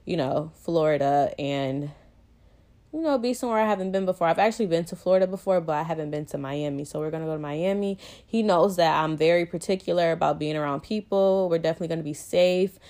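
Chatty young woman with a mellow voice. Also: low voice. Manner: chatty, rambling, frequent "like" and "you know". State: pregnant, short of breath. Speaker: vlogger. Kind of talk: casual chat to viewers.

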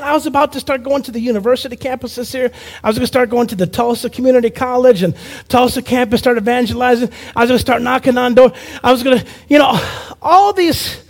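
Brief: man with a very high voice, preacher giving a lively testimony, acts out the voices in his story. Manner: animated storyteller who acts out quoted voices. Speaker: preacher and evangelist. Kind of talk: personal testimony sermon.

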